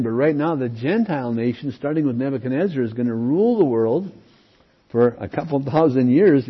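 A man's voice: medium pitch, breathy edge, lo-fi sound. A pastor preaching a sermon in a conversational way, often checking in with his listeners. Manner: conversational preaching with frequent "okay?" check-ins.

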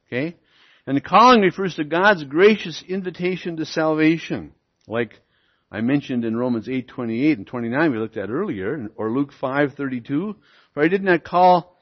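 A man preaching a sermon as pastor, teaching verse by verse, often checking in with "okay?" and "see?" and slowing down to stress key words. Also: mid-range voice. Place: church. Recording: lo-fi church recording.

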